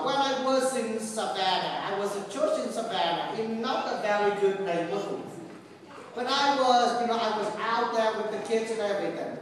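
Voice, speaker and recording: Slow-speaking priest in an echoing church. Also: male voice, extremely high pitch, slight background noise. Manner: conversational, asks the congregation questions. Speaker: Catholic priest. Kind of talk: storytelling homily. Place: church sanctuary. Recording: echoey church hall, mic far off.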